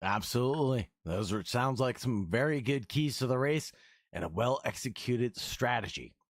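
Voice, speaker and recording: A man's voice: mid-range voice, expressive, moderate pace, dry recording, clean studio sound. A man hosting a sim racing broadcast, interviewing drivers after the race in a friendly, easygoing way. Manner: friendly, calls drivers brother.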